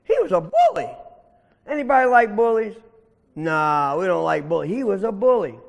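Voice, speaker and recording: A man telling a story live to children, animated and asking the audience questions. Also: high-pitched, moderate pace, creaky. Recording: echoey hall reverb.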